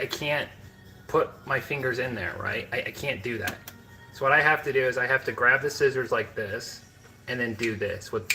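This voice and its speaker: This home cooking vlogger, a man from the American Midwest, chats casually with his viewers from his own kitchen, rambling with plenty of fillers and asides. His medium-pitched voice comes across pushed and bright on a low-quality recording.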